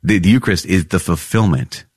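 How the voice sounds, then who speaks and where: A man hosting a podcast, reading and reflecting on catechism paragraphs with earnest, animated storytelling. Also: low voice, fairly quick, slightly rough, dry recording, clean studio sound. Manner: earnest, animated storytelling with laughs and repeated phrases. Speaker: priest podcast host.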